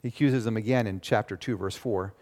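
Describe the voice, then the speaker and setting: A male pastor preaching a sermon in a church, with animated, emphatic delivery. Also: fairly low pitch, fairly quick. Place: church sanctuary. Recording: long reverb of a church.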